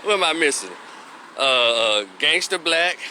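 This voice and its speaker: Bright-voiced Memphis man riffing. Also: fairly high pitch, animated, a little slow, slight background noise. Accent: Memphis Southern. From Memphis, Tennessee. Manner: loose, rhythmic street talk with frequent "man" and "you hear me". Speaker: commentary vlogger. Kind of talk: casual opinion monologue.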